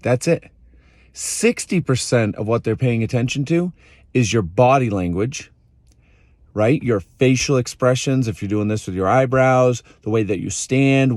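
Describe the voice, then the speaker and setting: A man's voice: mid-range voice, darkish tone, dry recording, clean studio sound. A man giving a direct, emphatic motivational talk that is full of rhetorical questions. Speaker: motivational speaker.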